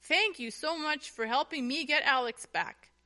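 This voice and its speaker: A woman voicing a gruff, grumpy boy bully in a children's storybook reading, in a lower, grumbling voice. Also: normal speed, bright, forceful tone. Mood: sheepish.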